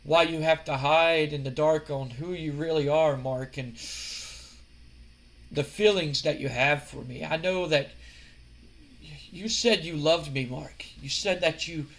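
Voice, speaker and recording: A man putting on the voice of a menacing, seductive male wrestler, speaking slowly and in a drawn-out, purring way. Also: a little high, steady tone, a bit bright. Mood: creepy seductive. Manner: slow, drawn-out, purring delivery.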